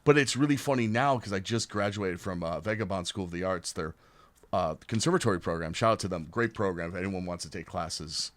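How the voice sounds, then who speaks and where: A young man with a low-pitched, brisk voice tells stories as a podcast guest in casual chat. He's an animated storyteller who loudly acts out other people's voices.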